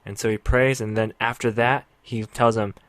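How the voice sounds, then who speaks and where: A man's voice: on the low side, fairly even intonation, no echo. A young man giving a casual anime episode recap in a blunt, profane way. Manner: blunt and profane, quick-talking. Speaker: anime reviewer.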